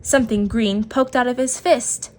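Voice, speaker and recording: A woman's voice: fairly high pitch, normal speed. Woman reading a picture book to children. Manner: gentle, expressive read-aloud narration. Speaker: storyteller.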